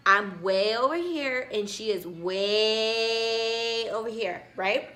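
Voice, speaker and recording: High, bright-voiced sassy young woman. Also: slow. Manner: sassy, animated storytelling full of asides to viewers. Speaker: vlogger. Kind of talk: casual story time.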